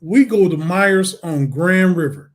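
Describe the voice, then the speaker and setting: High-voiced man telling a story. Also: unhurried. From Detroit, USA. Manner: lively, acts out voices in his story, laughs often. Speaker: guest. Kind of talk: animated storytelling in an interview.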